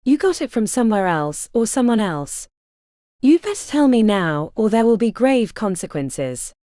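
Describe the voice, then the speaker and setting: A woman's voice: fairly high pitch, very animated, normal speed, warm tone, no room sound, clean studio sound. A woman reading the part of an arrogant male hospital doctor who speaks with contempt and threats. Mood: contemptuous.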